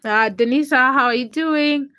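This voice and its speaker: Bright-voiced Ugandan woman greeting viewers. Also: high-pitched, moderate pace. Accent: Ugandan English. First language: a Ugandan language. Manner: greets viewers by name one after another, chatty. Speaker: livestream host. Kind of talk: casual livestream chat reading comments.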